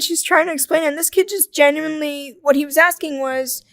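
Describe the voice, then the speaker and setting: A young adult woman chatting as a podcast guest, telling lively stories, acting out quoted voices and laughing often. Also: high-pitched, fairly quick, dry recording, studio quality. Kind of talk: casual conversational interview.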